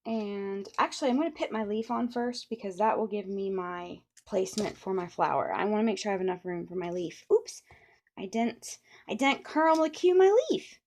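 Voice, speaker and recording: In a casual crafting tutorial, a middle-aged woman demonstrates papercraft, chatting and rambling with playful asides. Her mid-range voice is animated and a little mellow, at a moderate pace.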